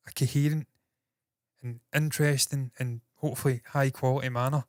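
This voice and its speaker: A Scottish man hosting entertainment news in casual solo commentary, talking fast with a slightly nasal voice, swearing freely and mocking himself. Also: medium pitch, dry recording, clean studio sound. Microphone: processed with equalizers, compression and noise gate.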